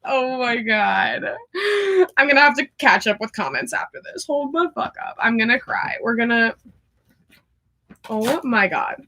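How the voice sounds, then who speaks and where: High, lively young woman chatting on a livestream. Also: unhurried, long pauses, a little hiss or hum. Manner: chatty, giggly, excitable, with frequent laughs. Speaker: livestream host. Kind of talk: casual live chat. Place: at home.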